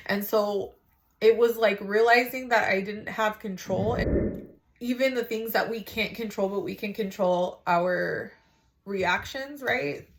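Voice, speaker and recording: A woman's voice: medium pitch, measured pace, a little hiss or hum. A mother sharing a casual faith testimony, rambling and frank, with lots of "like" and some swearing.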